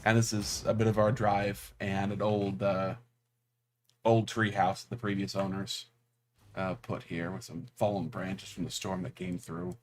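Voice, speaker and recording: A man's voice: low-pitched, fairly even intonation, measured pace, a little hiss or hum. A man on a gaming stream, chatting casually and rambling through descriptions with lots of fillers. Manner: rambling, describes things at length with many fillers. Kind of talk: casual livestream chat.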